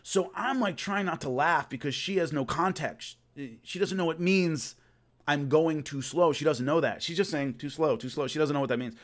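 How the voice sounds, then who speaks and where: A man's voice: a little high, normal speed. A man casually telling a long rambling story about filming, with many restarts. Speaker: host recalling filming a fight show.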